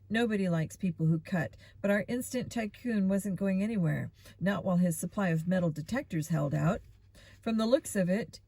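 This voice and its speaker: A woman reading a children's mystery novel aloud in steady, expressive first-person narration. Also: mid-range voice, no echo. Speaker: storybook reader.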